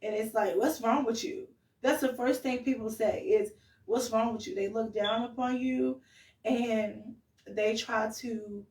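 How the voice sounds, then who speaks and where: A woman's voice: mid-range voice, darkish tone, roomy sound, distant mic, low-quality recording. A woman co-hosting a podcast who gives earnest, pleading advice, emotional and direct. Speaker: podcast co-host.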